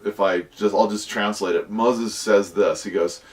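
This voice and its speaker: A man with a fairly low voice teaches a casual Bible lesson. He tells the stories with lively energy and acts out voices along the way. The mic sits a little away from him. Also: unhurried, distant mic. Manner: lively storytelling, acting out voices of characters.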